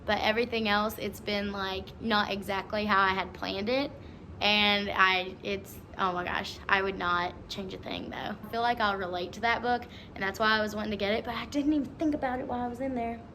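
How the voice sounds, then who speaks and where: Bright, forceful, and brisk, a twenty-something woman's mid-range voice holds a steady tone as she vlogs casually. She's chatty and giggly, sprinkling in plenty of "like" and "um," over a slight hiss or hum.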